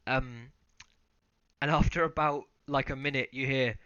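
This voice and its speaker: A man narrating a tabletop game as game master, relaxed and hesitant with many ums. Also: mid-range voice, a little slow, clear, resonant tone, muffled recording, faint music behind.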